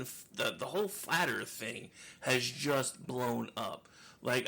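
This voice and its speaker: A man's voice: mid-range voice, gravelly, bright, forceful tone. A man co-hosting a casual podcast chat, rambling and joking, laughing often. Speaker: co-host.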